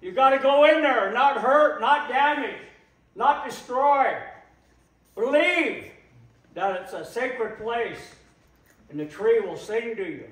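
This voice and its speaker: Man, very high voice, unhurried, emphatic repetition, impassioned talk, echoey room, distant mic. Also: lively intonation. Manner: slow, emphatic, repeats phrases for weight.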